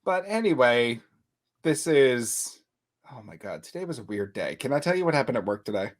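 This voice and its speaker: Animated young man co-hosting a podcast. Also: medium pitch. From Long Island, New York. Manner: animated, laughs often, quick storytelling. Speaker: podcast co-host. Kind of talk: casual chat. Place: home room.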